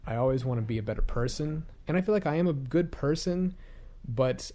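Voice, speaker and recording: A man's voice: mid-range voice, lively intonation, brisk, mellow. A young man talking casually to his own channel, rambling and hesitant, often restarting his sentences, candid and hard on himself. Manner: candid and self-critical. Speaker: YouTuber. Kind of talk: casual reflective vlog monologue.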